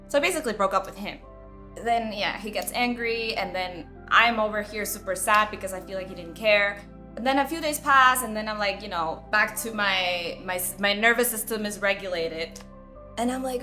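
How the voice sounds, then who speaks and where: Woman, mid-pitch, bright tone; candid storytelling host, casual and talky, soft music bed. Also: moderate pace. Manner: candid, chatty, heavy use of "like". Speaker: self-development video host.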